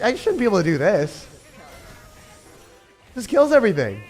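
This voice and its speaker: A young man commentating his own gameplay as a streamer, excitable and sarcastic, mocking what he complains about. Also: high-pitched, normal speed, long pauses, breathy edge. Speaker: game streamer. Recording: faint music behind.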